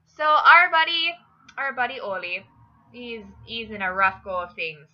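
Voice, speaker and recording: Chatty woman podcast host, animated storyteller; higher voice, dull lo-fi recording. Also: unhurried. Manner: animated, jokey storyteller with fillers. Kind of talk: casual joke-telling chat.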